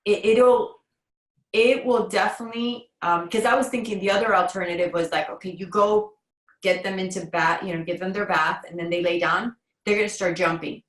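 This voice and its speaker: A woman parenting coach on a call, explaining tasks step by step in a calm, encouraging way. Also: on the low side, fairly quick, reverberant, poor audio. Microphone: video or phone call.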